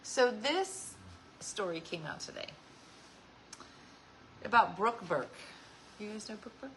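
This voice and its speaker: Chatty woman host, lively bright voice. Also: mid-range voice, takes it slowly, a little hiss or hum, low-quality recording. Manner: chatty, laughs often, acts out quoted voices. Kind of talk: casual livestream chat.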